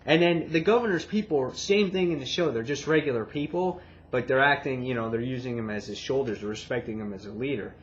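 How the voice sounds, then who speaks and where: Excitable man with a lo-fi sound. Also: mid-range voice, brisk, few pauses. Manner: excitable, swears, acts out reactions. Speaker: comic book reviewer. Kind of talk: casual retelling and review. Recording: dull lo-fi, faint background hiss.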